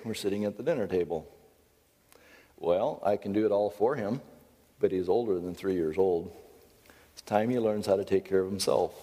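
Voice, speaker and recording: A middle-aged man teaches a Christian seminar in a low, deep voice. He speaks emphatically and earnestly, breaking in with wry asides about himself. The big room gives every phrase a long, lingering echo. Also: moderate pace, long pauses, mellow, husky.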